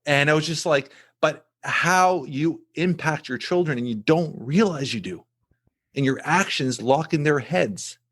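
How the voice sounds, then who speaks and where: A middle-aged man hosting a podcast, telling a family story in an animated way with many restarts and repeated words. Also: on the high side, measured pace, slightly rough. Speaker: podcast host. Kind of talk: casual podcast conversation.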